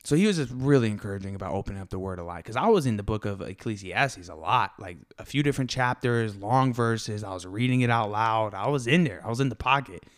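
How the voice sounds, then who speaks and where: A young man hosting his own podcast, talking fast and excitedly in a casual, animated way. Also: fairly low pitch. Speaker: podcast host. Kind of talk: casual solo podcast talk.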